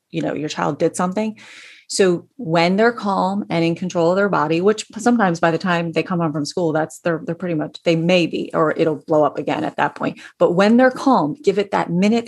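A middle-aged woman talks parents through handling their kids, in a somewhat low voice. She rambles in a chatty way, full of fillers and restarts. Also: a little mellow. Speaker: school educator advising parents. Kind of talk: casual advice talk.

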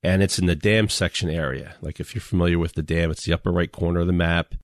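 Deep-voiced laid-back man. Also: fairly even intonation, fast talker, no room sound, studio quality. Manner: laid-back storyteller, chuckles often. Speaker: podcast co-host. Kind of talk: casual podcast chat.

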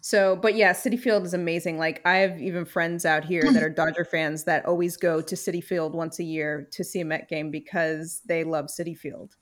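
A woman's voice: low-pitched, normal speed, few pauses. A young woman co-hosting a casual chat, telling a story with lots of fillers and swearing. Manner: animated storytelling, swears freely, many fillers.

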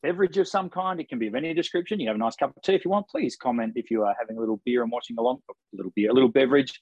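A man's voice: mid-range voice, racing, slightly rough, no room sound, highs cut off. Man, co-host, easygoing live-stream banter, dry close sound over a video call. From Australia. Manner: relaxed, chatty, frequent ums. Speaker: podcast co-host. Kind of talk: casual live-stream chat.

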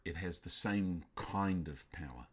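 A male pastor preaching a sermon emphatically, swinging from loud bursts down to quiet, intense lines. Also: sits low, a little slow, slightly rough.

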